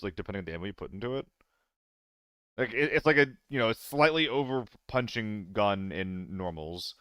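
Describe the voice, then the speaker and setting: A young man streams a game and chats casually with viewers, self-deprecating and swearing freely. His voice is on the low side and a bit bright, with no echo.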